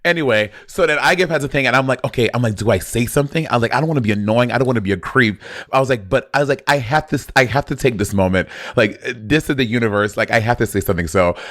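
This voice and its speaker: A man's voice: medium pitch, fast talker, no echo, clean studio sound. A man co-hosting a podcast, telling a story in casual chat and acting out the dialogue, swearing freely. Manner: animated storyteller who acts out quoted dialogue. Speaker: podcast co-host.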